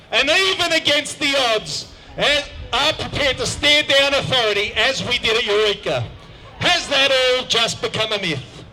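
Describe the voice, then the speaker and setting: Emphatic man, very high voice. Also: pushed and bright, low-quality recording. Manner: emphatic, rhetorical questioning. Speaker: rally speaker. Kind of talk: public speech with a joke. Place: outdoor park gathering.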